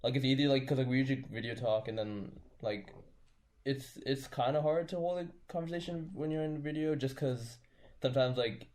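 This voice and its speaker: A young man co-hosting a podcast chats casually, rambling with lots of fillers and restarts. His mid-range voice has a darkish tone and runs a little fast.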